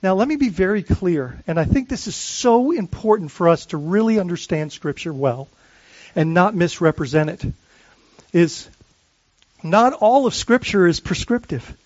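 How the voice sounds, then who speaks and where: A man's voice: high voice, lively intonation, moderate pace, a little mellow, no room sound, muffled recording. A man preaching a sermon as pastor, earnest and searching, often restarting phrases and asking the congregation questions.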